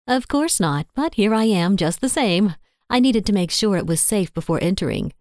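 A woman's voice: mid-range voice, expressive, moderate pace, darkish tone, no room sound, studio quality, natural voice. A woman reading the part of a witty young secretary with a lyrical, teasing way of talking.

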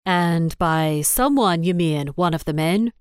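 A woman's voice: fairly low pitch, unhurried, smooth, no room sound, clean studio sound, close to an everyday voice. A woman reading the part of an impatient male agency boss who snaps and grumbles. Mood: irritated. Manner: snapping, grumbling.

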